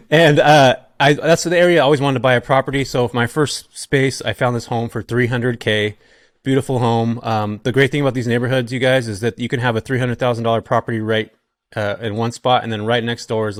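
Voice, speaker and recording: A man in his forties from California, a podcast guest telling his story in a relaxed, chatty way with plenty of ums. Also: medium pitch, no room sound, clean studio sound. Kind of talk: casual podcast chat.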